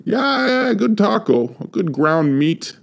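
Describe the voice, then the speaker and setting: A man's voice: high voice, very animated, slow, creaky, heavily acted. An actor playing a sleazy male butcher who sells human meat, with casual, rambling salesman patter. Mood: pushy. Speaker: shopkeeper.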